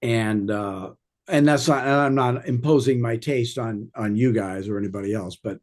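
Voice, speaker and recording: A man's voice: mid-range voice, moderate pace, darkish tone. A man coaching real estate agents in an informal training talk, rambling through anecdotes with wry humor.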